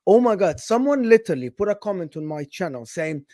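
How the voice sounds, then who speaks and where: A young man with an Egyptian accent hosting casual football talk, animated and sarcastic, slipping into Arabic phrases. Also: high-pitched, a little fast, few pauses, no room sound, clean studio sound. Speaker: football channel host.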